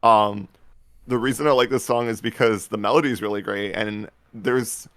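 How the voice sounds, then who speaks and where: A man with a fairly low, clean voice co-hosts a laid-back podcast. He rambles along in an animated way and breaks into laughs. The sound is close and dry. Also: normal speed, dry recording. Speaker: podcast co-host. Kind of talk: casual chat.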